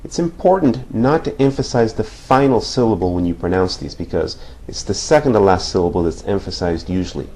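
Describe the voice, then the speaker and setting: A man with a warm, animated voice on the low side teaches a Spanish grammar lesson at a whiteboard. He speaks briskly with hardly any pauses, explaining patiently, repeating points, and checking in with frequent "okay?" prompts after each one.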